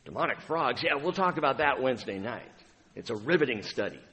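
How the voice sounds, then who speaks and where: A man preaching a sermon as pastor, dramatic and swinging from booming lines to hushed ones. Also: lively intonation, brisk, in a large hall.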